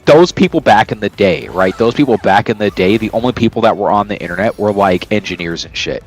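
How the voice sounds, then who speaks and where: A man's voice: lowish voice, a little fast, soft background music, low-quality recording. A man streaming and telling a long story in casual chat, rambling and swearing, often checking in with "right?". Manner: rambling, profane, keeps asking "right?".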